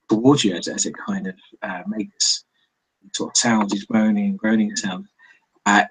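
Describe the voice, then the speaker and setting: A man running a tabletop role-playing game, narrating scenes haltingly with many restarts. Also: fairly low pitch, slightly rough, low-quality recording. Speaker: game master.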